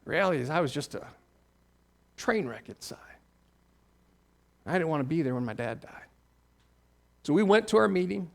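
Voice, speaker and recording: A man in his forties, a pastor, telling a personal story in a sermon, his voice dropping low and intimate, then swelling when stirred. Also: lively intonation, normal speed, vocal fry, pauses often. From Ohio.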